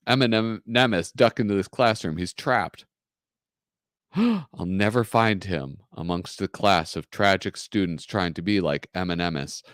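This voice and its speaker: A man's voice: deep voice, no echo, clean studio sound. A man reading aloud and voicing a brash, foul-mouthed young male comic-strip troublemaker, crude and gleeful.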